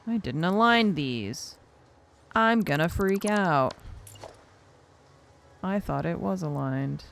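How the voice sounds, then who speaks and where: Young woman, streamer, slow and deliberate, thinking aloud, flustered, self-mocking. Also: on the low side, animated, creaky, a little hiss or hum. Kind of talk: casual gameplay commentary.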